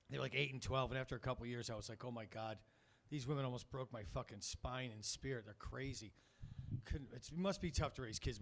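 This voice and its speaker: A man's voice: mid-range voice, fairly bright tone. A middle-aged man hosting a comedy show, telling loose, profane stories in a stand-up set. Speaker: comedy host.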